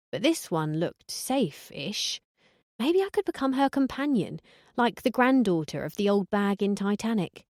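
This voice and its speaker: A woman's voice: medium pitch, darkish tone, no room sound, clean studio sound. A woman reading first-person narration for an audiobook in a wry, sardonic tone.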